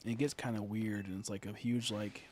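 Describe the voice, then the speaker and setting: A young adult man ranting in casual live-stream chat while playing a game, swearing freely and filling pauses with "like" and "uh". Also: on the low side, level tone, darkish tone, a little hiss or hum. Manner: ranting, swears a lot, many fillers.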